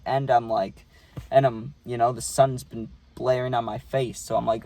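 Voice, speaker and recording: A man's voice: mid-range voice, steady tone, normal speed, a little mellow, dry recording. A young man vlogging a casual storytime, rambling and swearing, with many fillers.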